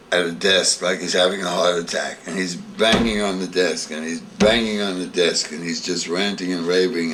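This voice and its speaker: Deep-voiced older man telling a story. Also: a bit bright, recorded from a distance, slight background noise. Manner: vivid storyteller, acting out scenes. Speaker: interviewee. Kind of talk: storytelling reminiscence.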